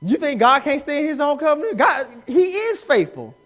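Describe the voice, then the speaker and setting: A man preaching a live sermon in church, emphatic and rising to shouts as he acts out the people he quotes. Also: very high-pitched, big pitch swings, normal speed. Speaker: pastor. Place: church sanctuary.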